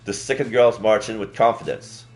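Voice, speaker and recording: A man's voice: on the low side, moderate pace, a little mellow, faint music behind. A man streaming and reading a visual novel aloud, chatty with laughing asides.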